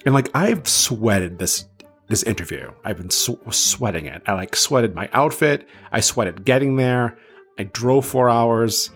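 A man's voice: medium pitch, lively intonation, unhurried, faint music behind. A man in his thirties, from south of Boston, hosting a podcast and telling a story in a chatty, self-deprecating way with many fillers. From south of Boston, USA. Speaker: podcast host.

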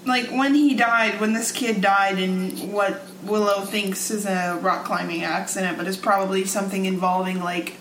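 A woman's voice: medium pitch, steady tone, normal speed, hardly any pauses, a bit bright, a little hiss or hum, rough recording. A young woman co-hosting a podcast, chatting casually, hesitant and teasing with lots of fillers. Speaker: podcast co-host. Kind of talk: casual chat.

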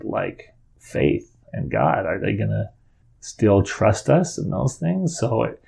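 A middle-aged father tells a story from his own life in a casual, earnest way. His voice sits low and carries a strong gravelly rasp. He rambles and keeps restarting his sentences. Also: a little mellow. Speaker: father telling a personal story.

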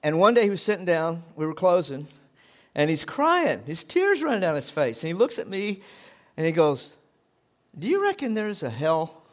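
A man's voice: on the high side, big pitch swings, normal speed. A middle-aged male pastor preaching a sermon in a conversational way that swells into emphatic exhortation.

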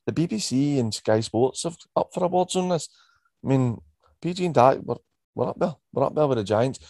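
A man's voice: mid-range voice, expressive, fairly quick, dark tone, no echo. A man with a West of Scotland accent co-hosting a podcast, chatting in a laid-back way with frequent ums. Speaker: podcast co-host. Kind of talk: casual chat.

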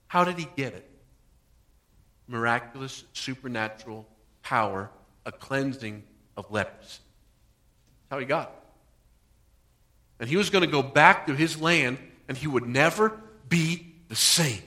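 A man preaching a sermon, acting out the people in the story with swings between soft and loud delivery. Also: mid-range voice, normal speed, long pauses. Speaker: pastor.

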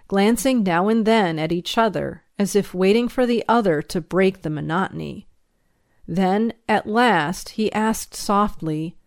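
Slow, measured woman narrator. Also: lowish voice, dry recording, clean studio sound. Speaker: audiobook narrator. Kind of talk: scripted narration.

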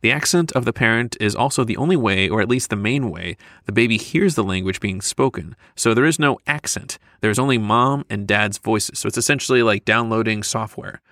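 A man co-hosting a casual educational podcast, explaining things in a playful, easygoing way with quick asides. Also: lowish voice, a bit bright, no room sound, studio quality. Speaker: podcast co-host. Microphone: studio microphone.

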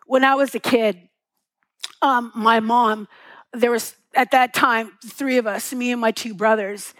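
A middle-aged woman pastor delivers a sermon in a bright, high voice, tender and earnest, telling stories and posing rhetorical questions. Her intonation is fairly even and her pace a little slow. She's recorded on a close mic, dry, with no room echo.

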